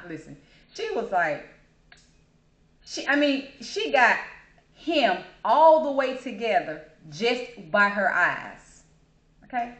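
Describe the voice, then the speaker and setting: A woman, hosting her channel and telling a story in a casual, animated way while she acts out the people in it. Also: moderate pace. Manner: animated, acts out quotes with big pitch jumps. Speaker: channel host. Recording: echoey room.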